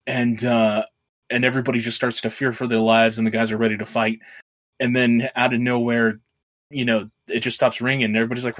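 A man's voice: medium pitch, little pitch movement, a little fast, fairly bright tone. Rambling man recapping a film. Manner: rambling, swears freely, laughs while retelling. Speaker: podcast co-host.

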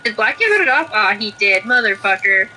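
A woman's voice: medium pitch, big pitch swings, moderate pace, bright, forceful tone, a little hiss or hum, low-quality recording. A woman playing a video game with her cousin, blunt and laid-back, swearing casually. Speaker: cousin and fellow player. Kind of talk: casual gaming banter.

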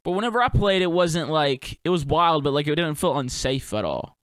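A man's voice: fairly high pitch, expressive, brisk, a bit bright, clean tone, no room sound, studio quality. A young man hosting a solo podcast, musing in a loose, profane, laid-back way full of slang and fillers. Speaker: podcast host and touring performer. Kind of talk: rambling solo podcast monologue.

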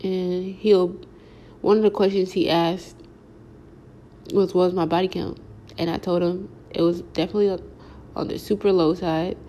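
A woman's voice: lowish voice, dark tone, slight background noise. A young adult woman telling a casual storytime, rambling along with slangy filler words. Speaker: vlogger.

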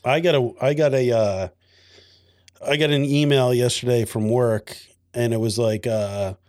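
Man, podcast co-host, laid-back, dry humor, hesitant, medium pitch, close dry recording. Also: fairly even intonation, measured pace, darkish tone, no room sound. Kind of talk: casual chat over beer.

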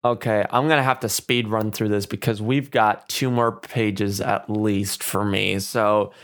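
A man with a smooth, clear voice hosts a laid-back movie chat. He works through his notes out loud, chuckling as he goes. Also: lowish voice, fairly even intonation, measured pace. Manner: reads from notes, chuckles often. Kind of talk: casual movie discussion.

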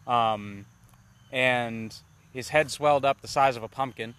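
A man co-hosting a casual movie review podcast, talking in a rambling, animated way with plenty of swearing. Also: medium pitch, a little slow, smooth. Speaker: podcast co-host.

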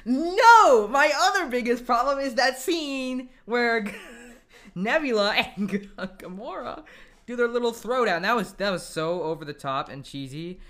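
A man's voice: extremely high pitch, animated, a little slow, bright, forceful tone. A man co-hosting a casual podcast, complaining about a film, laughing often and tripping over his words. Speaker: podcast co-host. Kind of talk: casual chat, film review.

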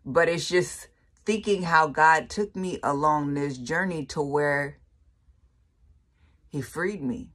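A woman's voice: sits low, takes it slowly, pauses often, a bit bright. A woman preaching her personal faith testimony in a casual, colloquial way, emphatic and repeating phrases for effect. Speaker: faith speaker sharing testimony.

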